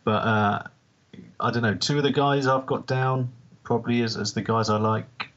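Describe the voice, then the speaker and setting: A man's voice: medium pitch, fairly even intonation, moderate pace, a bit bright. A man from England co-hosting a podcast and chatting casually, with a dry, understated delivery. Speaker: podcast co-host. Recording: dull lo-fi sound.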